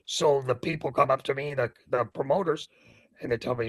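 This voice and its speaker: An older man with a gravelly, husky voice, a ring announcer telling stories as an interview guest and acting out the scenes. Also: mid-range voice, a little fast, no echo, poor audio. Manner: lively storyteller who acts out scenes. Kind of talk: animated anecdote telling.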